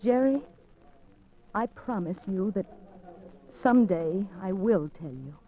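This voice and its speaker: A woman's voice: medium pitch, animated, slow, warm tone. Young female schemer, 1940s radio drama, breathless, stammering, lo-fi old broadcast, faint music. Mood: tender. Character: young woman secretly baiting a suspected killer, determined.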